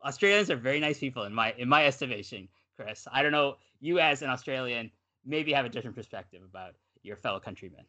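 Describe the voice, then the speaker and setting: A man's voice: medium pitch, fast. A Canadian man co-hosting a podcast, chatting casually and rambling off on tangents. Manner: rambling, animated, self-correcting. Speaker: podcast co-host.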